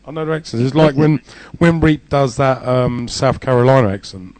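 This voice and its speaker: A man's voice: mid-range voice, moderate pace, a little mellow, no echo. A man with a Southern English accent co-hosting a casual online radio show, joking crudely and laughing often. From Southern England. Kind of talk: casual banter.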